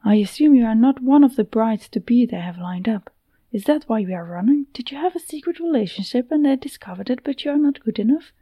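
A woman's voice: a little high, animated, fairly quick, no room sound, dull audio. A woman doing a pushy, teasing young woman. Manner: chatty, talks over others, teasing.

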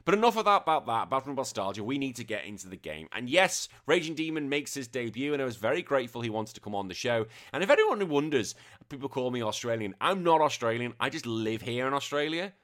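A man's voice: medium pitch, sing-song, fast, fairly bright tone. An Englishman in his thirties hosting a podcast, chatting casually, swearing freely and telling stories with animation. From England. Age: 30s. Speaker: podcast host.

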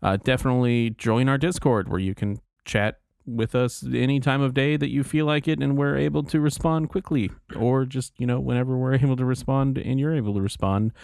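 A man's voice: mid-range voice, fairly even intonation, fairly quick, creaky, few pauses, darkish tone, dry recording, studio quality. A man co-hosting a casual podcast, easygoing and laid-back, wrapping up the show and pointing listeners to places to buy. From Texas. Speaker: podcast co-host. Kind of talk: casual chat.

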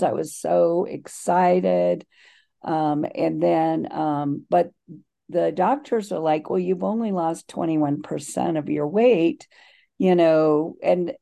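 A woman giving a personal recovery share at a twelve-step meeting, halting and full of ums and restarts, heard over a video call. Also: deep voice, vocal fry, warm tone.

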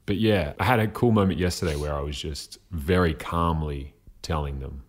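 A man hosting a podcast in a relaxed, laid-back casual chat, with a husky voice. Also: rumbling low, moderate pace. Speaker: podcast host.

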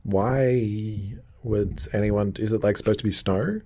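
A man's voice: lowish voice, fairly even intonation, measured pace, a little mellow. A man co-hosting a casual podcast, recapping a TV episode with lots of laughter and playful mock indignation. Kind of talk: casual chat.

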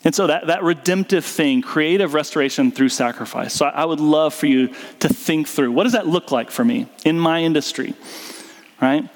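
A man's voice: on the high side, normal speed. A man preaching a sermon as pastor, earnest and conversational, with fillers and restarts. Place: church sanctuary. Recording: church hall reverb with guitar music.

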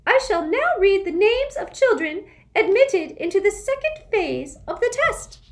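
A woman voicing a stiff, stern, thin female test administrator who gives sharp, clipped commands. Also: extremely high pitch, big pitch swings, a little slow, voice pushed up, exaggerated voice. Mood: commanding.

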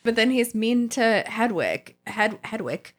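A woman's voice: on the high side, sing-song, a little slow. A woman co-hosting a casual podcast, blunt, swearing casually and laughing often.

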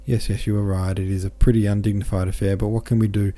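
A man voicing a dignified merchant consul who speaks in a measured, soothing way in an audiobook reading. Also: on the low side, little pitch movement, dark tone, close to an everyday voice.

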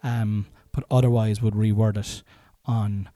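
A middle-aged stand-up comedian hosts a rambling podcast from a room at home, mixing casual chat with mic tests. He sounds self-mocking and uses lots of fillers. His voice is lowish, dark and level, unhurried, with no echo.

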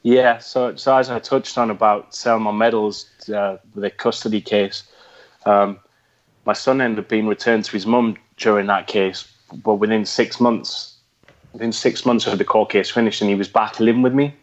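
A man with a Geordie accent talks in a low voice. He speaks reflectively, with fillers and restarts. The audio is dull and lo-fi. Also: fairly even intonation, normal speed. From North East England. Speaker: guest, former special forces veteran. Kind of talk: conversational interview.

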